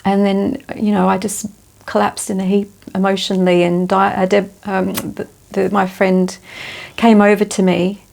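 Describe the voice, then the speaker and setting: A woman tells her personal testimony in a gravelly, fairly flat voice. She sounds close to tears and talks haltingly, with many restarts and fillers. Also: mid-range voice. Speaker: interviewee sharing a testimony.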